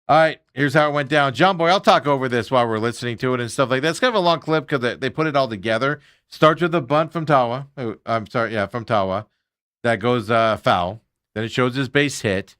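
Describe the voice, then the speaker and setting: A man's voice: mid-range voice, a bit bright, no room sound, studio quality. A man hosting a sports talk show, ranting with strong opinions and mocking players in put-on voices. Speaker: sports radio host.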